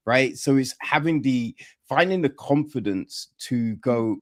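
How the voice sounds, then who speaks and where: A man's voice: mid-range voice, expressive, measured pace, few pauses. A man hosting a podcast interview, talking in a rambling casual way and often asking "right?" for agreement. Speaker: podcast host.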